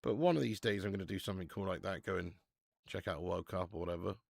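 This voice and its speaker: A man's voice: sits low, quick pace, gravelly, dry recording, studio quality. A man hosting a live football watch-along, chatting casually, swearing and reading out viewer messages.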